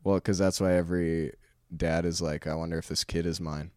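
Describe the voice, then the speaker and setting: A man's voice: deep voice, little pitch movement, a little fast, darkish tone, dry recording, studio quality. A young man co-hosting a casual comedy podcast, joking around and slipping into silly voices. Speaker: podcast co-host.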